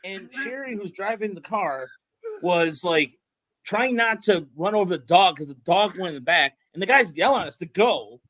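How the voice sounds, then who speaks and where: A man chatting on a sports podcast, his voice close and dry with no room sound. He wanders through stories full of restarts and gets animated when something excites him. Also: high voice, moderate pace, dry recording, rough recording. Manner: rambling, many restarts and fillers, excited storytelling. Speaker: podcast host. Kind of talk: casual sports podcast chat.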